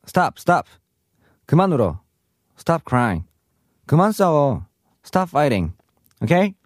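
Fast, lively male language teacher. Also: on the high side, dry recording, studio quality. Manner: explains a term, then reads example sentences with translations; reads the Korean examples briskly and the English translations slowly. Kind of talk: scripted vocabulary lesson.

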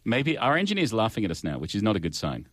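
Male morning-show host, deadpan jokes, very animated intonation, dry studio sound. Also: fairly low pitch, fast, no room sound. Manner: playful, deadpan joking. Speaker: radio host. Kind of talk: morning radio banter. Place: radio studio. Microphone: studio microphone.

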